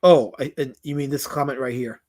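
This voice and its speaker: A man's voice: mid-range voice, fairly even intonation, fairly quick, darkish tone. A man streaming live as a comic creator, reading out chat comments in a rambling way that is full of stuttered repeats.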